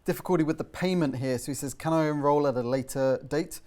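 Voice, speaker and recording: A co-host on a live webinar, reading out viewers' questions in a brisk, matter-of-fact way. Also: mid-range voice, darkish tone. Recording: distant from the mic.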